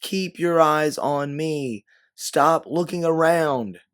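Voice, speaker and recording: A man voicing a brisk, quick-witted woman time-traveler who barks orders and sometimes puts on a syrupy Southern act. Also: fairly low pitch, expressive. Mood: urgent. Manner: commanding, yelling orders.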